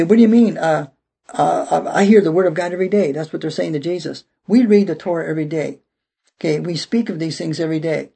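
A man's voice: high-pitched, gravelly, dark tone, husky. A man preaching a verse-by-verse Bible sermon, emphatic and peppering his teaching with "okay" as he restarts phrases.

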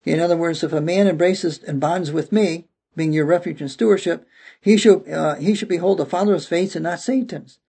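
Gravelly high-pitched male preacher. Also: moderate pace, dark tone. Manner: emphatic, repeats "okay" and restarts phrases. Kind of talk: sermon, verse-by-verse Bible teaching.

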